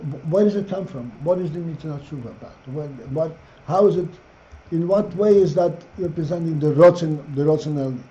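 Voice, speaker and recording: Rabbi reading and explaining a text. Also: male voice, on the high side, dark tone. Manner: reads Hebrew phrases slowly, then explains in English. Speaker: rabbi teaching a class. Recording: dull lo-fi class recording.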